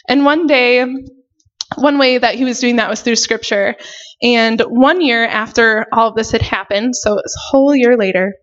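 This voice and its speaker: Earnest young woman, slightly high voice. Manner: earnest and emotional, many "like" and "you know" fillers. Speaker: missionary sharing her testimony. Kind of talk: personal faith testimony. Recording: dull lo-fi recording.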